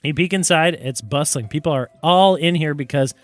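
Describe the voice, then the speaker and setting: A man narrating a tabletop game as game master, relaxed with many fillers. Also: fairly high pitch, moderate pace, no echo, soft background music. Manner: relaxed, lots of fillers and self-corrections.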